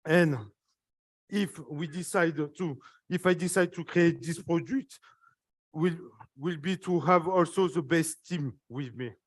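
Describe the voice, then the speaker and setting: French-accented man, fairly high voice, halting emotional stage pitch, very dry sound. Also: no echo. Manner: halting, earnest, emotional, with frequent fillers. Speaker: guest speaker presenting a project. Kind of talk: live stage speech.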